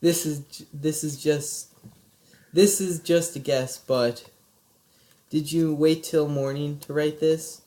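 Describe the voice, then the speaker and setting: Man, slow halting delivery, casual game commentary, faint background noise. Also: on the high side, steady tone. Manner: slow, halting, laughs often. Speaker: let's play co-commentator.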